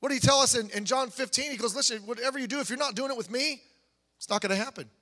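A man preaching a sermon in a conversational, animated way, building to emphatic peaks. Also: extremely high pitch, very fast. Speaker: pastor. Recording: long hall reverb.

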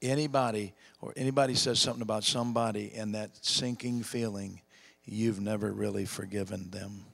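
Gravelly folksy male preacher. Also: fairly low pitch, steady tone, brisk, hardly any pauses, long reverb tail. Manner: folksy, emphatic, drops to a hush for heavy moments. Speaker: evangelist preacher. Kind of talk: storytelling sermon.

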